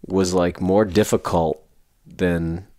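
Male podcast host, low voice, dry close sound, loose chatty storyteller. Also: steady tone, takes it slowly, warm tone, no room sound. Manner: rambling storyteller, laughs often. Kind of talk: casual chat.

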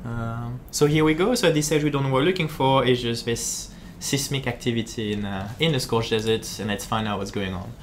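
A man speaking as a game designer, giving chatty, halting live-stream commentary while he plays, full of fillers and repeated words. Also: mid-range voice, slight background noise. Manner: chatty and jokey.

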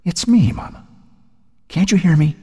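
A man's voice: high voice, normal speed, dark tone, slightly rough, in a large hall, voice pushed up. A man voicing a faint, ghostly female voice calling out in an audiobook. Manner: pleading, calling out. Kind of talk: audiobook character voice.

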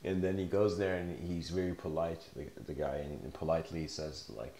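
Deep-voiced man lecturing in an echoey room. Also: very animated, moderate pace, a little mellow, a little hiss or hum. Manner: rambling, filler-heavy, laughs often. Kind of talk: casual spoken lecture, storytelling.

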